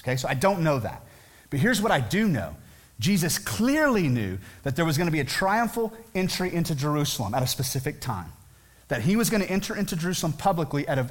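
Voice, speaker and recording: A man's voice: on the high side, a bit bright. A man preaching a sermon as pastor, talking conversationally and asking many rhetorical questions.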